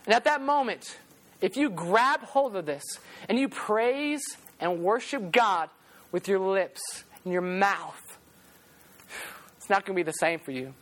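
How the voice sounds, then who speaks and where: Here the sermon unfolds slowly at a medium pitch, broken by long pauses. The preacher tells it as a story with animation, leaning on repetition and occasionally singing a line.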